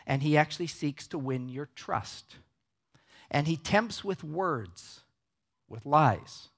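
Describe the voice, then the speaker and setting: A man's voice: a little high, a bit bright. Conversational male pastor preaching. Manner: conversational preaching, frequent "right?" checks with the audience. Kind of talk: sermon. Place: large cinema auditorium.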